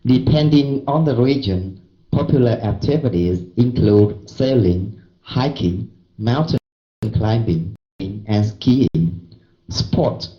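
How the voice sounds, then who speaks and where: A man's voice: on the low side, slow pace, mellow. A man reading a text aloud as a student in reading practice, carefully and word by word. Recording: roomy, dull lo-fi recording.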